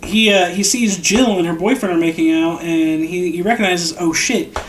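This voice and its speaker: A man's voice: sits high, fairly even intonation, moderate pace, reverberant, a little hiss or hum. A man co-hosting a podcast, recapping a film scene by scene in casual chat, acting out the characters' lines and swearing freely. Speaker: podcast co-host.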